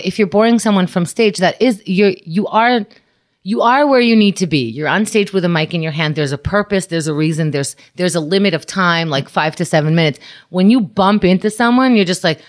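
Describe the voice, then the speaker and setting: A woman comedian chatting casually, telling animated stories with frequent laughter. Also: fairly low pitch, fairly quick. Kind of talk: casual chat.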